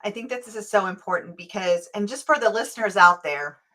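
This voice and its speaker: A woman's voice: mid-range voice, a little fast, pushed and bright. A woman hosting a parenting podcast, talking earnestly and thinking aloud. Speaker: podcast host. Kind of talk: podcast interview.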